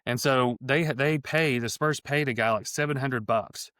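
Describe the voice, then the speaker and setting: A man's voice: mid-range voice, measured pace, a bit bright, clear, resonant tone, no echo, studio quality. A middle-aged man co-hosting a casual sports podcast, talking with enthusiasm and many restarts. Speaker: podcast co-host.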